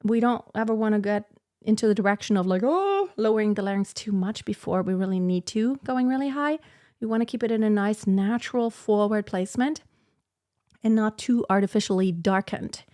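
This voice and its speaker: A woman's voice: mid-range voice, steady tone, a little fast, dark tone, dry recording, studio quality. A woman who sings lyric coloratura soprano, talking herself through an aria practice session. She is self-critical and breaks into short sung demos. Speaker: singing teacher practicing an aria. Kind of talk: thinking-aloud practice commentary.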